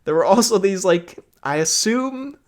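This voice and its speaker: A man's voice: high voice, lively intonation, normal speed. A young man hosting a podcast, chatting casually and rambling with lots of fillers, on a mic that sounds a bit off. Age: young adult. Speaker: podcast host. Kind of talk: casual chat. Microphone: makeshift mic setup that sounds a bit off.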